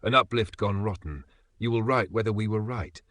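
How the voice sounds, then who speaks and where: A man voicing a calm alien male elder who speaks in a grave, measured way. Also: on the low side, no echo, natural voice. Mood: solemn.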